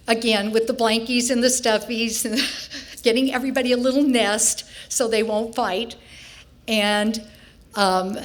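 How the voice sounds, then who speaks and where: Older woman telling a wry family story. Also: fairly high pitch. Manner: wry, self-mocking, laughs through her story. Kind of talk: personal storytelling on stage. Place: festival stage before an audience.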